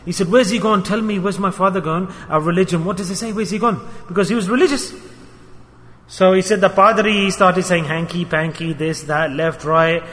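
A man preaching a sermon to a gathering of brothers, telling a story and acting out its quotes in a lively way. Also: high-pitched, fairly quick. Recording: reverberant hall.

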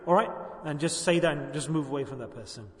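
High-voiced man preaching in an echoey hall. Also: fast. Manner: preaching with repeated rhetorical questions. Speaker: religious teacher. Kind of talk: sermon. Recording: echoey hall, speaker far from mic.

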